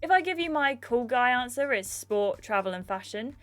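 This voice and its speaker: A woman's voice: on the high side, lively intonation, moderate pace, a bit bright, soft background music. A woman reading aloud as a cheeky, goofy young male model, in a light tone.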